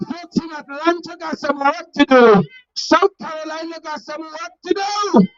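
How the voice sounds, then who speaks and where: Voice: high voice, a little slow. A rally speaker giving a fiery political speech outdoors and leading the crowd in call-and-response chants. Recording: muffled lo-fi rally recording.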